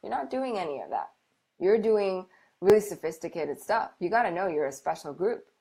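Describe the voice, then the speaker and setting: A woman hosting a casual live stream, chatting warmly and encouragingly with viewers with lots of fillers and restarts. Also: fairly low pitch, expressive, moderate pace, creaky, husky. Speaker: medical intuitive hosting a live Q&A.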